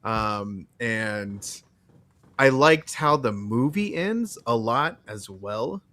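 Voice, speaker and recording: A man's voice: mid-range voice, lively intonation, extremely slow, fairly bright tone, dry recording. A man co-hosting a casual film review chat, giving his opinions in a hesitant way with many fillers and restarts. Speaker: podcast co-host.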